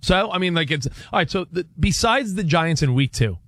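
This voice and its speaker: A man co-hosting a sports talk show, excitable and quick to jump in with his point. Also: a little high, no room sound. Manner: excitable, jumps in and interrupts. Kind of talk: lively sports radio banter.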